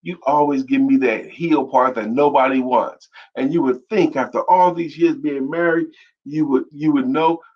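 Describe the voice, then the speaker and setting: A man's voice: mid-range voice, fairly even intonation, moderate pace, highs cut off, close to an everyday voice. A man voicing a hurt old wife.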